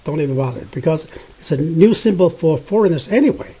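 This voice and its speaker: A man whose first language is Mandarin Chinese, teaching Mandarin pronunciation patiently, repeating each sound many times with frequent pauses. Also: fairly high pitch, expressive, dark tone, breathy edge, poor audio. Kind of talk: pronunciation lesson.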